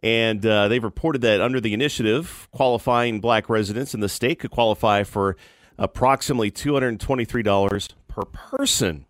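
A man's voice: fairly low pitch, normal speed, no echo, studio quality. A man co-hosting a talk radio show, giving short replies and reading news items plainly. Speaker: radio co-host.

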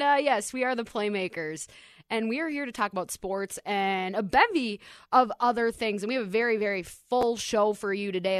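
A woman's voice: on the high side, clean tone, no echo. Chatty woman sports radio host, dry studio sound. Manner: chatty, upbeat, self-deprecating. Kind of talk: casual sports talk radio. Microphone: studio mic.

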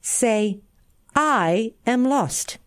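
Wise traveler guy, dry and preachy, slow careful talk, read by a woman. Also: very high-pitched, animated, fairly bright tone, smooth, heavily acted. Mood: lecturing. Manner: lecturing, measured. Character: wise, dry-witted male traveling companion.

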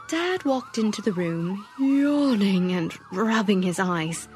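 Casting: woman narrator, slow and gentle, devotional storybook reading, soft music under. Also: on the high side, expressive.

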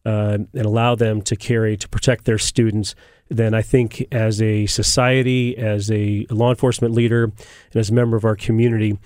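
A man who is a sheriff, speaking as a guest on a talk show, measured and hesitant with many fillers. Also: fairly low pitch, little pitch movement, darkish tone, no room sound, studio quality.

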